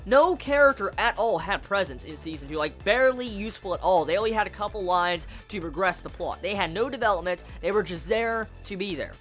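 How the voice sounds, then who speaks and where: Woman anime reviewer with a bright, forceful voice. Animated and exasperated, heavy swearing, frequent restarts. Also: mid-range voice, brisk, few pauses, soft background music. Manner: profane, exasperated, stumbles and repeats words. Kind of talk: ranting episode review.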